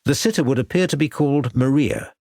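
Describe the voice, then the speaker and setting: A man's voice: medium pitch, brisk, darkish tone, no room sound, clean studio sound, pitched above the performer's own voice, natural voice. A man reading a formal, probing Victorian inspector. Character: persistent Victorian male police inspector, courteous.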